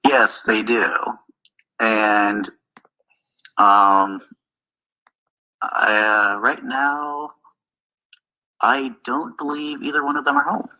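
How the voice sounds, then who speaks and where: A man on a live stream as a guest, speaking in a measured, careful way. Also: medium pitch, steady tone, sharp tone, poor audio.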